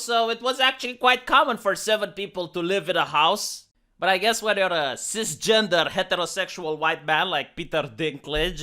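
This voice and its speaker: A man's voice: sits high, bright, forceful tone. A man ranting in a sarcastic, mocking commentary vlog. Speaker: commentary vlogger.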